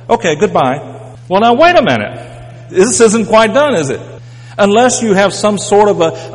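A man's voice: on the high side, in a large hall. A man preaching a sermon in a conversational but emphatic way, often repeating words as he builds a point.

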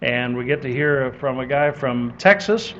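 A man's voice: mid-range voice, expressive, normal speed, fairly bright tone. A man hosting a church seminar, introducing the next speaker in a teasing, chatty way. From northern United States. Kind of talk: folksy joking introduction. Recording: dull lo-fi audio with faint hiss.

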